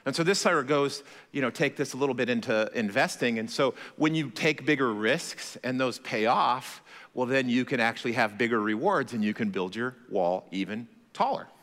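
A man preaching a sermon as pastor, telling stories in a conversational, animated way with self-deprecating humor. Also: medium pitch, normal speed. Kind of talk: sermon with storytelling. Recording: long hall reverb.

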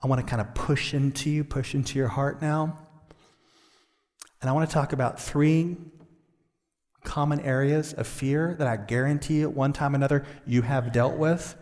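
A man preaching a sermon as pastor, impassioned and building to emphatic highs. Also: steady tone, normal speed, darkish tone, in a large hall.

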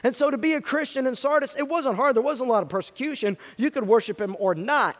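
High-voiced man preaching in a reverberant hall. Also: fast talker. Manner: dynamic delivery, swinging from loud emphasis to hushed near-whispers. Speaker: pastor. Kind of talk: sermon.

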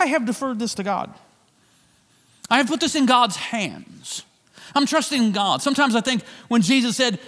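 High-voiced preacher in a reverberant hall. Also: male voice, sing-song, moderate pace, a bit bright. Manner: conversational, with many restarts and repeated phrases. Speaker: pastor. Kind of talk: sermon.

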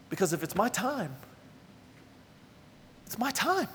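High-voiced preacher in a reverberant hall. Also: male voice, very animated, slow pace, pauses often. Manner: conversational and emphatic, addressing the congregation directly. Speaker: pastor. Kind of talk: sermon.

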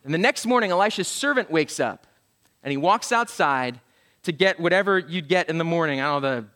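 Animated, bright-voiced male preacher. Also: high-pitched. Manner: animated storytelling with acted-out voices; humorous, self-deprecating asides. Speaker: pastor. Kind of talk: sermon.

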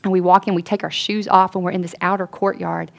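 A woman's voice: on the low side, flat delivery, quick pace, vocal fry. Earnest woman telling a testimony. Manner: storytelling, drops to a hush for quoted lines. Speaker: speaker at a Christian gathering.

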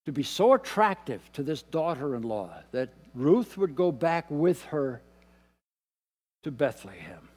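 A man preaching a sermon as pastor, moving between quiet, dropped asides and loud, emphatic lines. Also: a little high, sing-song, a little slow, slightly rough. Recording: long hall reverb.

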